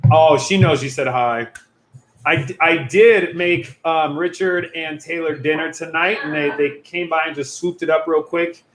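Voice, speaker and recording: Young man, youth pastor, livestream chat, goofy and rambling, a bit high-pitched. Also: steady tone, moderate pace, a bit bright, roomy sound, a little hiss or hum. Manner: goofy, rambling, jokey asides.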